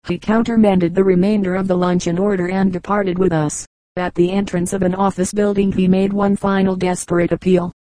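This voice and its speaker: A woman's voice: fairly low pitch, darkish tone, no echo, poor audio. Woman reading an audiobook, dry sound. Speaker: audiobook reader. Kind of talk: scripted narration.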